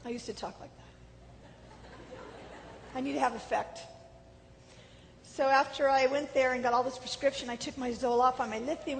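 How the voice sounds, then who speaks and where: A woman giving an animated personal testimony, acting out quoted voices, swinging from lively to low and subdued. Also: normal speed, vocal fry, long pauses. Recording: hall reverb with faint background noise.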